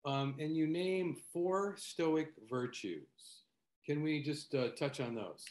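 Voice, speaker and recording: A man's voice: on the high side, slow, a little mellow, roomy sound. A man hosting an interview, asking short questions and affirming his guest. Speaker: podcast host. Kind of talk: conversational interview.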